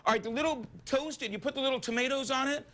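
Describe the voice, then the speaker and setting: A man's voice: extremely high pitch, fast, a bit bright. A man, a morning show reporter bantering and joking live on location. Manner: jokey, playful, teasing. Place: on location at a pawn shop.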